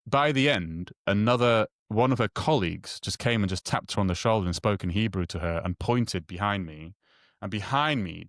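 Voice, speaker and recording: Man, lowish voice, casual storyteller, lots of false starts, dry close mic. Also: fairly bright tone, no room sound. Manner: halting, many restarts and repeated words, acts out quoted dialogue. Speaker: guest telling a personal story.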